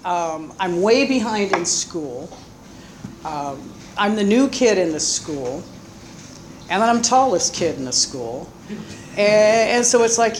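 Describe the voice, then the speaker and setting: A middle-aged woman from Florida with a Southern accent, telling her own life story in a halting way, full of pauses and fillers. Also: mid-range voice, expressive, slight background noise. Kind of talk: personal life story, told unscripted.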